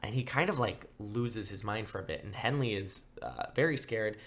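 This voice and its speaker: A young man hosting a true-crime podcast, telling the story casually with lots of fillers and flat acted-out quotes. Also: lowish voice, moderate pace. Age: young adult. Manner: casual, filler-heavy, acts out quotes in flat mock voices. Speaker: podcast host.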